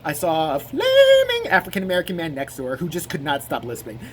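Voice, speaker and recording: A man's voice: a little high, very fast, fairly bright tone, slight background noise. A man giving rambling, profane comic commentary on a video. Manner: rambling, profane, laughing asides.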